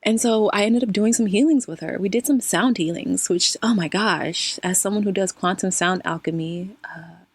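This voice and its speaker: Expressive woman telling a spiritual story. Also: fairly low pitch, creaky, slightly rough. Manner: expressive, addresses listeners as y'all, laughs often. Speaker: spiritual channel host. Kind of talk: casual personal storytelling.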